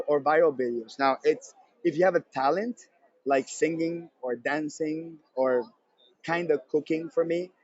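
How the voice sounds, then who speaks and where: A man giving a live conference talk, energetic and repeating his points for emphasis. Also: a little high, no room sound, lo-fi sound. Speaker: presenter at a conference session. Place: convention center session room.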